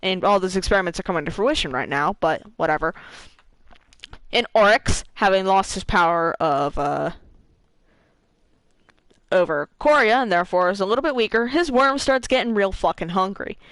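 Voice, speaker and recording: Lively woman retelling game lore. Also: medium pitch, no room sound, low-quality recording. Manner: animated, laughing, swearing, quick put-on voices. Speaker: gaming streamer. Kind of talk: casual lore retelling while gaming.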